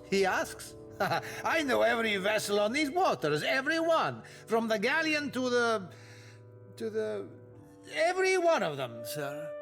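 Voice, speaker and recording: A man's voice: very high-pitched, bright, forceful tone, heavily acted. An actor voicing a drunken, boastful sailor locked in a cell, grandiose and theatrical as he wheedles for his freedom. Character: drunken boastful jailed sailor, middle-aged man. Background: game music.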